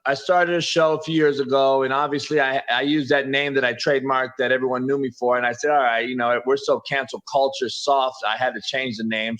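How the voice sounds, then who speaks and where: A man's voice: mid-range voice, a bit bright. A middle-aged American man, a football coach, talking passionately as an interview guest, preachy and fired up, often calling the host by name.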